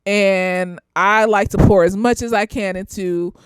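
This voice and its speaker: A young woman giving a casual, slightly tipsy review of a TV series as a therapist, laughing often, swearing freely and jumping into high excited squeals. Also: measured pace, clean tone, no echo.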